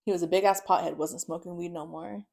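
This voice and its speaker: A woman's voice: fairly low pitch, fairly even intonation, fast, vocal fry, a little mellow. Swearing, laughing young woman telling her story. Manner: swears freely, acts out quotes, laughs often. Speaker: podcast guest. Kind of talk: casual storytelling.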